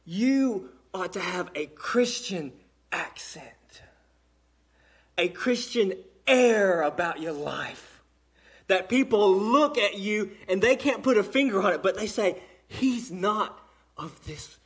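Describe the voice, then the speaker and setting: A man with a Southern American accent preaching a sermon in church, with emphatic pauses. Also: sits high, animated, fairly bright tone, slightly rough. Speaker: pastor. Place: church during an evening service.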